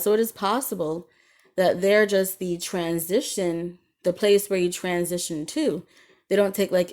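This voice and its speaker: A woman's voice: on the low side, darkish tone. A woman podcaster delivering a casual solo monologue, an indignant, rambling rant full of ums and swearing.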